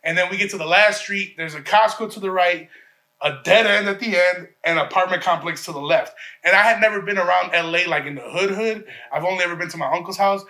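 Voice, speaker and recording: A man's voice: sits high, fast, bright, forceful tone. A man from Chicago telling a long story in casual talk, rambling and profane, with many restarts and acted-out quotes.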